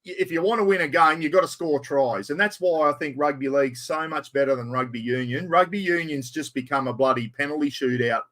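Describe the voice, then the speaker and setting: A middle-aged Australian man with a slightly high voice hosts a relaxed camping live stream. He talks in a chatty, blokey way, greets viewers and swears freely. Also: fairly quick, hardly any pauses. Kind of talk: casual live-stream chat.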